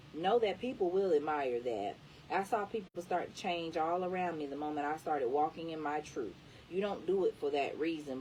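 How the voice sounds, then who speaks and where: A woman with a deep, low voice reads an inspirational book aloud, leaning hard into the words to encourage the listener. She sits a little back from the mic, and a faint low rumble runs underneath. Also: a little mellow, recorded from a distance, low-quality recording. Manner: emphatic, encouraging delivery. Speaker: reader.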